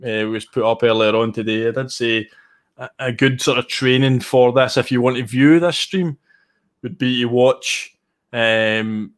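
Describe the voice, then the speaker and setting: A Scottish man talking as a guest on a podcast, casual and enthusiastic. His voice sits at an ordinary middle pitch, and he loops back over his words as he goes. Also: steady tone, measured pace. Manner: chatty, enthusiastic, restarts phrases often. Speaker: guest sim racer. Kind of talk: casual interview chat.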